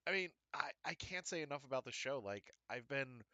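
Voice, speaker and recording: A man hosting a live online show, chatting casually, enthusiastic and expressive, laughing often. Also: medium pitch, brisk, dry recording, highs cut off. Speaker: host. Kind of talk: casual chat.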